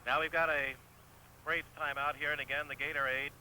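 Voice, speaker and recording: A man calling a live soccer match play by play, who gets excitable and shouts the goals, on an old broadcast recording. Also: a little high, fairly quick, slight background noise, low-quality recording. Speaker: play-by-play commentator.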